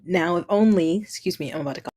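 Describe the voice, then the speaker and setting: A woman's voice: lowish voice, quick pace, dark tone. A young woman hosting a casual livestream chat, tired and yawning, greeting viewers and laughing often. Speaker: livestream host.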